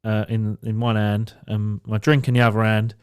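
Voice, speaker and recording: A man's voice: lowish voice, moderate pace, clear, resonant tone. Man telling a rowdy story. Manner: swearing, animated anecdote-telling with quoted voices. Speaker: podcast co-host. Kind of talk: casual chat, storytelling.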